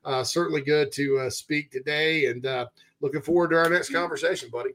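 A man's voice: fairly high pitch, fairly even intonation, fairly quick, fairly bright tone, a little hiss or hum. A man hosting a college football podcast, chatting casually and folksy, laughing easily with guests. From southern United States. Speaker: podcast host. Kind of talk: casual sports talk.

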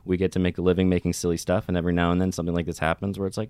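A man with a deep, smooth, clear voice talks earnestly on a podcast, rambling through his thoughts with plenty of ums and restarts. The sound is close and dry, from a studio mic. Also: flat delivery, racing, darkish tone, no room sound. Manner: earnest, reflective, loose rambling with fillers. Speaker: podcast co-host. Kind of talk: casual podcast chat.

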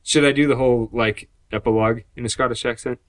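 A man's voice: medium pitch, fairly even intonation, quick pace. A man hosting a casual gaming podcast, joking and poking fun at himself. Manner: self-deprecating, joking. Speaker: podcast host.

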